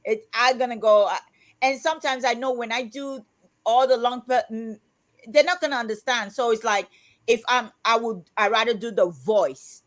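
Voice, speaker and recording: A woman's voice: a little high, fairly even intonation, normal speed. A woman from Britain co-hosting a casual livestream chat, rambling, correcting herself and laughing often. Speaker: co-host.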